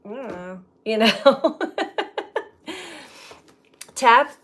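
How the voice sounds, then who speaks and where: A woman tarot reader reflecting aloud in a slow, musing way, often breaking into light laughter. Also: medium pitch, a bit bright. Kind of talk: spiritual reflection to camera.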